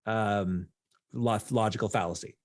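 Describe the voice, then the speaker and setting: A man co-hosting a podcast in casual chat, explaining points in a measured, step-by-step way. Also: lowish voice. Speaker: podcast co-host.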